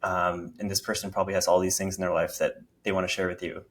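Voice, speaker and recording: A young man with a lowish voice talks as a podcast guest, reflecting out loud and groping for the right words. He speaks in a casual, heartfelt conversational style. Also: flat delivery, fast.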